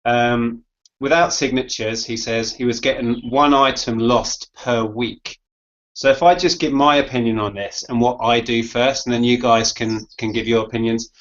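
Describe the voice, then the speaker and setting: A man co-hosting a casual chat, reading out viewer questions and explaining his own approach in a steady way. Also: medium pitch, moderate pace. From United Kingdom. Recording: dull lo-fi audio.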